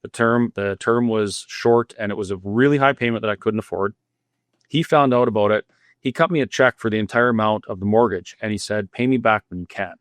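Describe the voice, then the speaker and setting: A man's voice: on the low side, fairly quick, no room sound. A middle-aged man from Alberta, a guest cafe owner, telling his story candidly and earnestly with frequent restarts. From Alberta, Canada. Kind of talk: interview storytelling.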